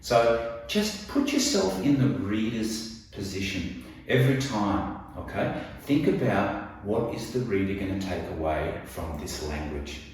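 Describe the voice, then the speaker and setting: Guy teaching kids a writing lesson, lowish voice, really echoey room, bit far off the mic. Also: a little hiss or hum. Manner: animated, addresses kids directly.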